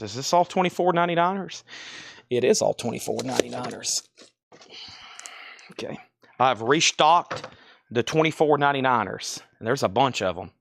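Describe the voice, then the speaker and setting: A man hosting a live vinyl record sale, running an excitable commentary and talking to himself as he sorts and sells. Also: mid-range voice, creaky, no echo.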